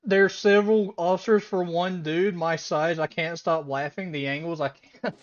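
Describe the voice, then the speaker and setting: A woman hosting a reaction video, giving animated, incredulous commentary. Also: on the low side, moderate pace, dull audio. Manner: animated, incredulous, breaks into laughter.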